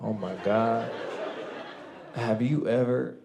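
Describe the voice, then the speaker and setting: A man performing a stand-up comedy set, loud and animated, often laughing at his own jokes. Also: mid-range voice, slow pace, noisy background. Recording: live club with crowd laughter. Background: audience laughing and clapping.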